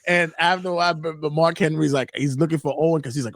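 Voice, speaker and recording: A man hosting a casual podcast chat, telling anecdotes in an animated way. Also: on the high side, quick pace, dry recording. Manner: animated storyteller, laughs while telling. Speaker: podcast host.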